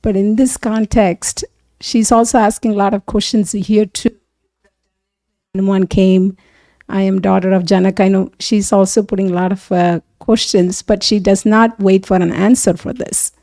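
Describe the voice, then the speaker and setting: A woman in a class sharing thoughtful reflections, pausing to search for words. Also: medium pitch, level tone, warm tone, no echo. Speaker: class participant.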